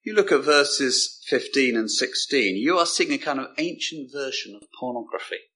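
A man preaching a sermon, emphatic, with dramatic pauses and repeated words. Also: mid-range voice, expressive, sharp tone, husky.

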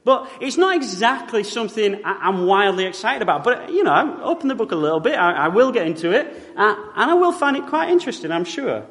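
A man's voice: high voice, very animated, fairly quick, hardly any pauses, a bit bright. A man from Britain preaching a sermon in a church, wry and conversational, with frequent tag questions. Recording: long reverb of a church hall.

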